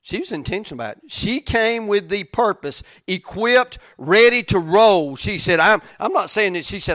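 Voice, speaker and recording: A man delivering a sermon with a somewhat high voice, preaching in a folksy, down-to-earth way. He drives points home by repeating lines and shifting between loud and hushed delivery. The sound is dry and close, with no room echo. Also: animated, moderate pace, hardly any pauses. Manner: emphatic, repeats phrases for effect, swings between loud and soft; plain-spoken, folksy preaching. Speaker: pastor.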